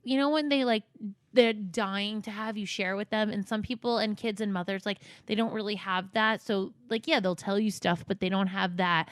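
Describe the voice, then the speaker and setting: A woman co-hosting a podcast, talking in loose, emotional chat and swearing freely. Her voice is smooth and resonant, recorded close and dry with no room sound. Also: mid-range voice, steady tone, moderate pace, no echo. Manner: emotional, swears freely, reads messages aloud softly. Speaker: podcast co-host. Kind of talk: casual chat.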